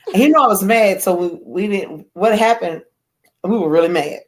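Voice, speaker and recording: A woman telling a marriage story in relaxed conversation, with a voice that sits at a middle pitch. She brings the tale to life with quoted lines in other voices. Her delivery is loose and animated. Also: moderate pace. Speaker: guest author. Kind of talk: casual storytelling chat.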